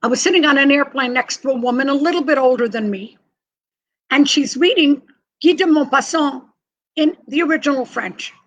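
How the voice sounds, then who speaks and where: A woman's voice: sits high, moderate pace, highs cut off. An older woman being interviewed, telling a family story in a vivid, emphatic way. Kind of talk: personal storytelling.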